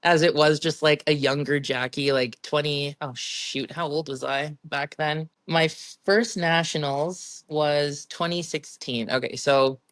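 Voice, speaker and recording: Young woman guest chatting away, giggly and animated, dry close sound. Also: low-pitched, unhurried, few pauses, no room sound. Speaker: professional strongwoman guest. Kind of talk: casual interview storytelling.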